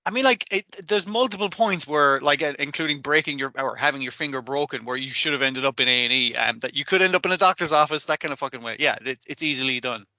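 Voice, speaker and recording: A man's voice: fairly high pitch, fast talker, hardly any pauses, sharp tone, dry recording. A man, co-hosting a podcast in casual chat, swearing freely and acting out characters' lines as he recaps episodes. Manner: profane, acts out characters' lines while recapping. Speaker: podcast co-host.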